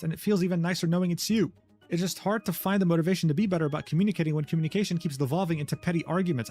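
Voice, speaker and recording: Fast-talking man narrating a drama recap. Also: fairly high pitch, a little mellow. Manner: reads quoted messages aloud in a brisk, sardonic tone. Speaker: commentary narrator.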